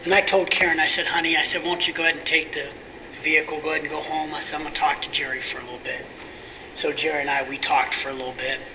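A middle-aged pastor telling a story in a sermon, often sinking to a hushed near-whisper. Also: male voice, fairly high pitch, quick pace. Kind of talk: sermon testimony. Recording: distant mic with steady air conditioning hum.

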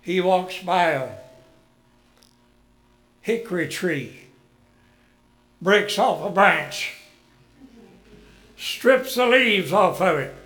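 A man preaching a sermon in an earnest way, moving between loud emphasis and hushed words. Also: high voice, expressive, very slow, pauses often, soft background music.

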